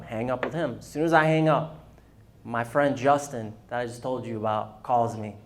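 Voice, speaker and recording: A man's voice: medium pitch, moderate pace, slight background noise. A man giving a personal testimony at a business luncheon, telling his story candidly and acting out the dialogue. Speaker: guest speaker.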